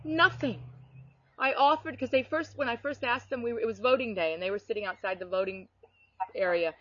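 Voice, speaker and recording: A woman's voice: fairly high pitch, fairly quick, a bit bright. A middle-aged woman from Australia, talking earnestly about faith in a casual chat and telling personal stories with many restarts. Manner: earnest, storytelling, frequent restarts. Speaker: Christian speaker. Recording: dull lo-fi recording.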